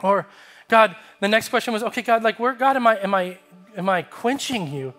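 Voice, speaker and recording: A male pastor preaching a sermon, telling a lively story and acting out its dialogue before moving into an appeal. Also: sits high, normal speed. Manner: animated, acts out dialogue in his story. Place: church sanctuary.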